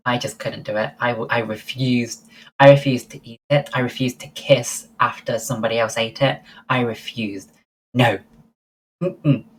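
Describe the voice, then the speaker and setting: A woman's voice: rumbling low, steady tone, normal speed, slight background noise, rough recording. A woman livestreaming, chatting casually and answering her viewers' messages one by one. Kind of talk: casual chat with live viewers.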